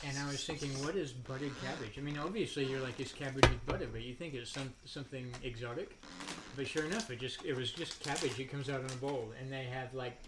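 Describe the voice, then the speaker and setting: A man's voice: mid-range voice, fast. A man hosting a casual chat with friends at home, rambling through funny stories and acting out the voices of people in them. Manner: rambling, laughing, acts out quoted voices. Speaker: podcast host. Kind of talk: casual storytelling among friends. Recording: noisy home recording.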